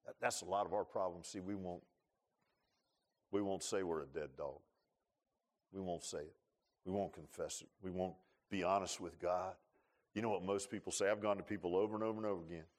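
A male pastor preaching a sermon, repeating himself and swinging from quiet, confiding lines to loud, fervent peaks. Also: low-pitched, fairly even intonation, brisk, pauses often. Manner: repeats words and restarts, folksy asides.

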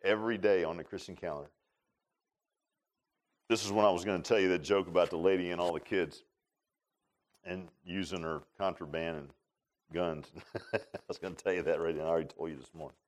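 Low-voiced and brisk, a pastor pauses often while preaching a folksy sermon in a church sanctuary. He's animated, laughing and joking with his congregation and speaking to members by name.

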